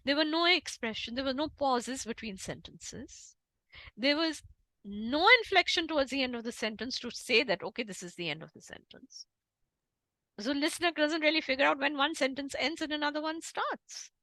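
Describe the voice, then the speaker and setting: Woman, Indian English accent, high lively voice, emphatic lecturing style; dry close recording. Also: moderate pace, dry recording, rough recording. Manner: emphatic, animated lecturing with demonstrations. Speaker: guest speaker on interpreting. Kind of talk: online talk.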